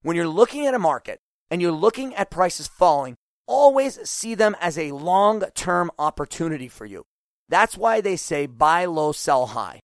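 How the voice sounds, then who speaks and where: A middle-aged man hosting a podcast, talking casually and acting out quoted voices with lively swings. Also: fairly high pitch, moderate pace, no room sound, clean studio sound. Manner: animated, acts out quoted voices. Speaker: podcast host.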